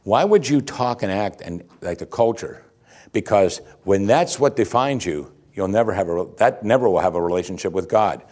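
A man with a somewhat low voice preaches a sermon. He talks in a lively, conversational way, chuckling at his own asides. Now and then he climbs to emphatic, raised peaks. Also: moderate pace. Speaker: pastor.

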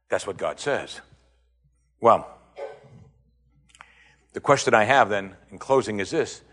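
A man preaching a sermon, firing rhetorical questions, rising to emphatic high points and dropping low again. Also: animated, slow, pauses often, a bit bright.

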